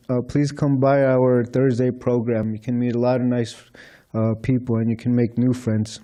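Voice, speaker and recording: A man's voice: mid-range voice, warm tone. A man speaking as a temple speaker, telling anecdotes to a congregation and retelling conversations with light chuckles. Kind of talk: storytelling talk to a congregation. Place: temple hall.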